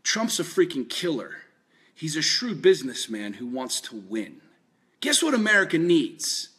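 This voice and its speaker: A man's voice: a little high, huge pitch swings, unhurried, fairly bright tone. A man giving a fired-up political monologue, emphatic and repetitive, with lots of swearing. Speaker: political commentator.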